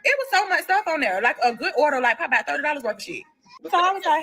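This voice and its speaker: A young woman telling a story casually, animated, blunt and profane, addressing listeners as y'all. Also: sits high, very fast. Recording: played clip within livestream.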